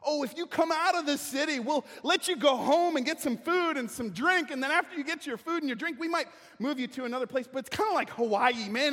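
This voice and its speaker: A man voicing a mocking male enemy envoy who taunts a besieged city with a wheedling, sneering sales pitch. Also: pushed and bright, heavily acted. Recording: church hall reverb.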